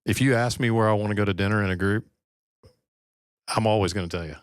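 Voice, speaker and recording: A man's voice: lowish voice, quick pace, clean tone, no room sound, studio quality. A middle-aged man co-hosting a podcast in casual chat, rambling and often breaking off mid-sentence. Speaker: podcast co-host.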